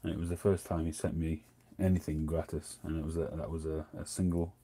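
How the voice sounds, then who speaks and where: A middle-aged man hosts a relaxed livestream chat in a very low, husky voice. He rambles and wanders off topic. His tone is dark and mellow. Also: brisk. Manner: rambling, chatty, drifting off topic. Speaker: host.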